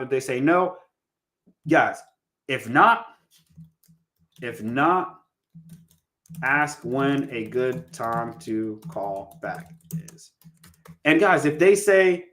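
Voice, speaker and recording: A man's voice: medium pitch, slow, pauses often, a bit bright. Man coaching casually on sales calls. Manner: conversational, addresses listeners as guys, acts out call lines. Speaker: real estate coach. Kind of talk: casual teaching monologue.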